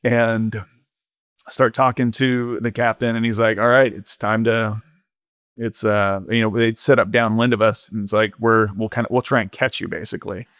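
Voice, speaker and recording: A man appearing as a podcast guest tells an ocean-rowing story in a casual storytelling interview, speaking candidly and rambling with plenty of fillers. His pitch is fairly low with little movement, his speed normal and his tone fairly bright. The studio-quality recording has no echo.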